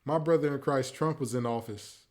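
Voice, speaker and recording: The host of this casual sports talk podcast has a mid-range voice and a brisk delivery. He rants in an animated, preachy way, using mock quotes.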